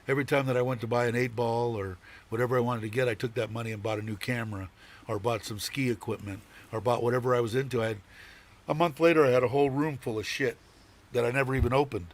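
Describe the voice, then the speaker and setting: A man's voice: medium pitch, fairly even intonation, fast. A man hosting a live stream, chatting casually and rambling, swearing now and then and chuckling often. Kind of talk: casual chat.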